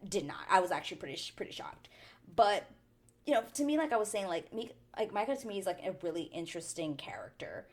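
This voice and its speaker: Casting note: female recap host, lower-pitched voice, big swings in tone, chatty and animated. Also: fast. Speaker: TV recap vlogger. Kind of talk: casual reality show recap.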